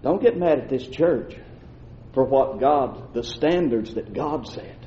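A male pastor, preaching a sermon that swings from shouting to low asides. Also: animated, slow, a little hiss or hum. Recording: roomy, dull lo-fi church recording.

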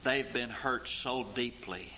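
Male preacher, slow deliberate delivery, bright ringing tone, emphatic sermon cadence. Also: medium pitch, a little hiss or hum, low-quality recording. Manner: slow, rising to intoned emphatic peaks.

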